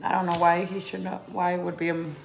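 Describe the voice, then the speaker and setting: A woman's voice: fairly low pitch, little pitch movement, fairly quick, creaky, faint music behind. A woman in her thirties chatting casually to camera at home, laughing often and slipping into Spanish with her kids. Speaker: vlogger and mother. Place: family home.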